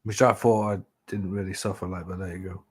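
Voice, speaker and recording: A man's voice: deep voice, little pitch movement, brisk, noisy background. A man telling stories in a casual chat, rambling and swearing freely with lots of "you know". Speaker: live chat host.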